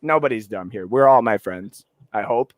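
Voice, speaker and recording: A man's voice: medium pitch, animated, moderate pace, no echo. A man from Canada hosting a live sports talk stream, joking and rambling with restarts. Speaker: podcast host. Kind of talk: casual live-stream chat.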